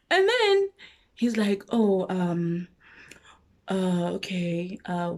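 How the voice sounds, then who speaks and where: A young South African woman vlogger telling a personal story in a casual, animated way, acting out both sides of a conversation. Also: mid-range voice, very slow, pauses often.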